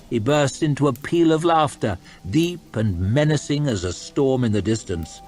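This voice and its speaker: A man reading a novel aloud as storytime narration, expressive with soft low asides. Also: unhurried, few pauses, soft background music. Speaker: audiobook reader. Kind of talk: storytime narration over gameplay.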